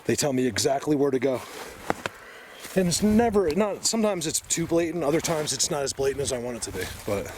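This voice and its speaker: A man's voice: on the high side, animated, a little fast, noisy background. A man filming himself on a forest hillside, out of breath and insistent as he points things out to viewers. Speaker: vlogger. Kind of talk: outdoor field vlog.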